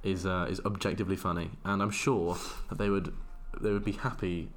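A man's voice: low-pitched, level tone, a little fast, a little hiss or hum. A young man co-hosting a casual podcast, joking and rambling with mock-dramatic asides. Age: young adult. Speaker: podcast co-host. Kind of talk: casual chat.

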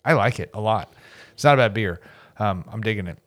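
Male podcast co-host, low voice, laid-back casual chat, trailing off softly. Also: lively intonation, brisk.

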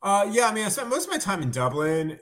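A man's voice: high-pitched, big pitch swings, quick pace, fairly bright tone. An American man, a sports journalist, chatting as a podcast guest, rambling and self-deprecating. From United States. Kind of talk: casual podcast chat.

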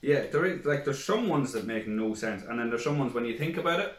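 A man co-hosting a podcast in casual banter, crude and quick to laugh, with the odd acted-out rant. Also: mid-range voice, expressive, echoey room, rough recording. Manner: crude, laughing, acts out others' rants. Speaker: podcast co-host.

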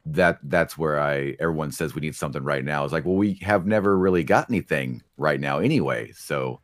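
Male guest, very deep voice, laid-back and chatty, dry sound. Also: a little fast, no room sound. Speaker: guest on a stream. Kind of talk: casual interview talk.

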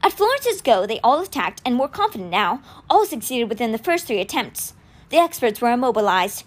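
Expressive woman reading a novel aloud. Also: fairly high pitch, brisk. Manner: expressive storytelling. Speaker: audiobook reader.

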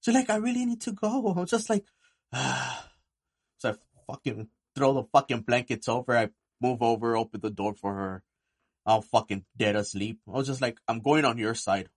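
A man's voice: medium pitch, normal speed, no room sound, clean studio sound. Swearing young man telling stories. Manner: animated storyteller, swears freely. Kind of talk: casual chat.

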